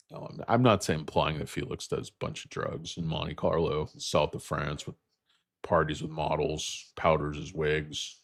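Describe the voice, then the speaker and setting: Tired man with a very deep voice. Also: steady tone, moderate pace, creaky, no room sound, clean studio sound. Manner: rambling, joking, tangent-prone. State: tired, losing his voice. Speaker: host. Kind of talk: rambling livestream about stocks.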